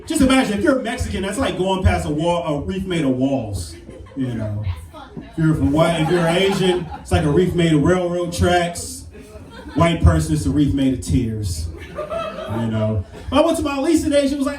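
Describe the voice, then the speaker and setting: A man in his thirties doing a brash, animated stand-up comedy set on a club stage. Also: fairly high pitch, moderate pace. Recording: roomy club sound from a distance. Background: audience laughter.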